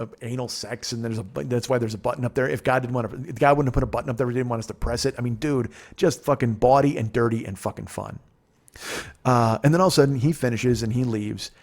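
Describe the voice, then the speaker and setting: A man's voice: mid-range voice, darkish tone. A man in his forties, a podcast host, telling a long, profane, rambling story in casual chat. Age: 40s.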